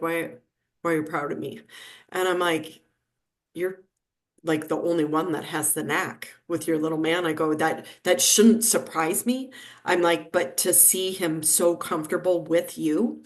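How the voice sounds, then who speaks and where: Low-voiced woman telling a story. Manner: lively anecdotal telling, acting out quoted dialogue. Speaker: neonatal nurse practitioner, podcast guest. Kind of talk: storytelling in a conversational interview.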